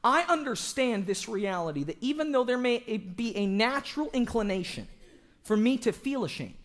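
A young man preaching an evangelistic sermon in a church, joking with the congregation and breaking into shouts for emphasis. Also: very high-pitched, normal speed. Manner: animated, joking, bursts into shouting.

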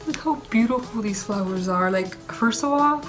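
A woman's voice: fairly high pitch, normal speed, over music. A young woman chatting to camera at home for her vlog, gushing and rambling with lots of "like". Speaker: vlogger. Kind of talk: casual chat to camera.

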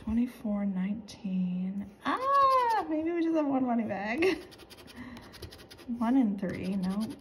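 A woman calling out numbers as she scratches lottery tickets, excitable and quick to laugh. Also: a little high, slight background noise. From North Carolina. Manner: reads numbers aloud, excitable, laughs often. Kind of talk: casual commentary while scratching tickets.

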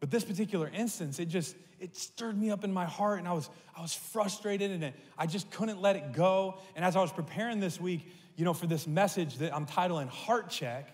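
Storytelling pastor in an echoey hall. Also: male voice, high-pitched, brisk, hardly any pauses. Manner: animated, humorous storytelling. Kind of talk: sermon. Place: church sanctuary.

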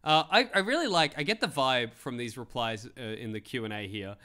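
A man's voice: mid-range voice, expressive, a little fast, pushed and bright. A man hosting a live stream, giving comedic commentary with mock outrage, laughter and casual swearing. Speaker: livestream host.

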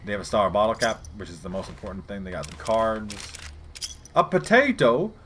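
Low-voiced man rambling over gameplay. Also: fast, fairly bright tone, a little hiss or hum. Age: adult parent. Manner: rambling, profane, chatty asides to viewers. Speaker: let's play gamer. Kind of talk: casual gameplay commentary.

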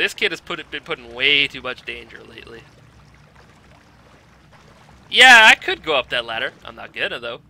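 Bright, high-pitched exasperated gamer man. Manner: exasperated, swearing, yelling at the game. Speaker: let's play gamer. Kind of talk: blind let's play commentary.

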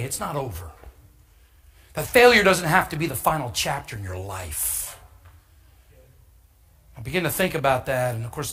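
A middle-aged man preaches through a personal story, his voice sitting high and ringing bright and forceful. He is humorous and animated, and he punches key lines with sudden emphatic shouts. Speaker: pastor. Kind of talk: storytelling sermon.

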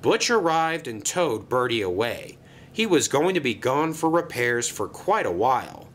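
A man reads a children's railway story aloud. His mid-pitched voice rises and falls in a lively way, and there is a faint rumbling noise behind him. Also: measured pace. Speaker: narrator. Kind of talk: storybook narration.

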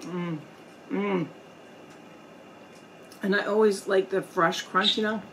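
A woman vlogger chatting casually while eating on camera at home, pausing often to savor her food. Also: mid-range voice, fairly even intonation, background noise. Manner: slow, chatty, pauses to eat and savor. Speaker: mukbang vlogger. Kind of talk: casual eating vlog chat. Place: indoors at home, storm outside.

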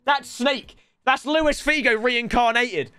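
High-pitched excitable gamer. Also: male voice, takes it slowly, clear, resonant tone, no echo. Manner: excitable, swearing, yelling at the game. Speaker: gaming YouTuber. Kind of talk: let's-play gaming commentary.

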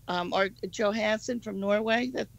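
A woman's voice: medium pitch, steady tone, normal speed, gravelly, dry recording, dull audio. Brief: female panelist, chatty, rambling, dry close recording. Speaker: panel guest.

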